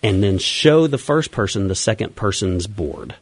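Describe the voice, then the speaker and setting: A man with a low voice talks eagerly and at length as a radio interview guest. The sound is dry and close to a studio microphone. He explains his plans step by step with clear enthusiasm. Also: expressive, moderate pace, no echo. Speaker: event organizer and coach.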